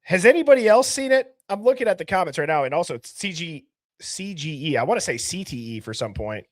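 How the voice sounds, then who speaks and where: A man's voice: on the high side, lively intonation, fairly quick, dry recording, clean studio sound. Upbeat man hosting a live stream. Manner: reads out viewer names and chat, bursts of laughter and loud greetings. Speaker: livestream host. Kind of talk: casual live-stream chat.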